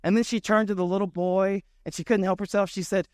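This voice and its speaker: A pastor in his thirties preaches in a relaxed, chatty way and talks straight to the congregation. His voice sits a little high for a man. The sound is close and dry. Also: fast, few pauses, no echo. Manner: conversational storytelling with asides to the congregation. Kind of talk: sermon.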